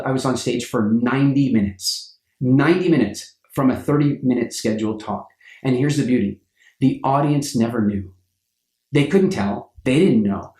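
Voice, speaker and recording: A man's voice: darkish tone, reverberant. A man coaching people on public speaking, telling stories and acting out the voices of the people in them. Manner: acts out quoted voices with big pitch jumps. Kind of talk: animated storytelling lesson.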